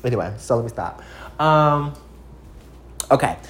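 A vlogger around thirty, from Texas, chatting casually to camera in an animated, profane way with big swings in pitch and loudness. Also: measured pace.

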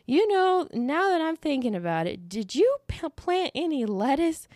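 A woman's voice: high-pitched, very animated, a little mellow, dry recording, studio quality, pitched above the performer's own voice. A woman putting on a folksy drawling old grandpa. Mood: folksy instructing. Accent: slight Southern drawl, put on. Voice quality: slow, drawn-out, folksy. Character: chatty elderly grandfather, slow drawling talker.

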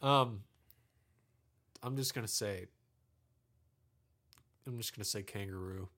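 A man's voice: lowish voice, takes it slowly, fairly bright tone. A young man co-hosting a podcast, chatting casually through a guessing game and laughing often at himself. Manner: laughs often, self-mocking. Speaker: podcast co-host.

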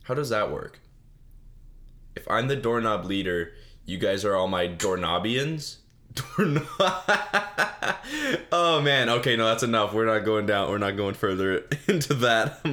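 Young male solo podcaster, lowish voice, silly self-mocking rambler, desk mic. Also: expressive, a little slow, sharp tone. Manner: goofy, self-mocking, laughs at own jokes; mock-sobbing bit, put-on crying. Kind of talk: rambling solo comedy chat.

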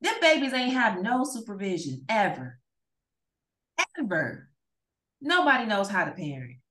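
A woman co-hosting a casual podcast chat, telling stories in an animated, emphatic way. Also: medium pitch, a little slow. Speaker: podcast co-host. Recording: echoey room.

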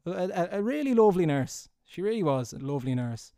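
Chatty young Irish man, slightly high voice. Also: very animated, brisk, a little mellow, no room sound, clean studio sound. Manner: rambling, laughing, swearing, slangy. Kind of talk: casual anecdotal storytelling. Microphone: close studio mic.

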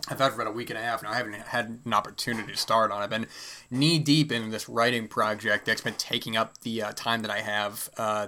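A man's voice: fairly low pitch, pushed and bright. A man hosting a solo podcast, talking casually and rambling with many fillers, his throat a little dry. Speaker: podcast host.

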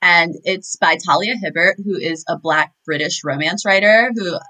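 A woman co-hosting a podcast, chatting casually and backing her partner with quick affirmations. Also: on the low side, rough recording. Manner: animated, affirming with quick "yeah"s. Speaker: podcast co-host. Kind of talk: casual chat.

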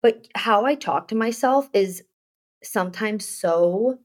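A woman co-hosting a casual podcast chat in a voice of middling pitch. She rambles through her story with many restarts and "like" fillers. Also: slow. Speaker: podcast co-host.

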